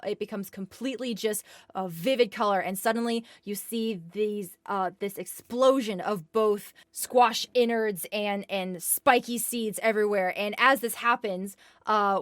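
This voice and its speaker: A woman narrates as game master of a tabletop game, often pausing and correcting herself. Her voice sits in the middle range, recorded dry and close to the mic. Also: medium pitch, fairly bright tone, no echo. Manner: hesitant, full of fillers and restarts.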